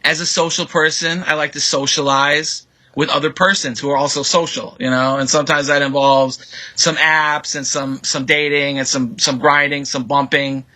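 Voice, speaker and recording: A man's voice: on the high side, little pitch movement, moderate pace, sharp tone, rough recording. A man in a mediation show, casually joking and dodging questions about what he owes. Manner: joking, evasive, rambling. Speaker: roommate in a dispute. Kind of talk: casual defensive banter.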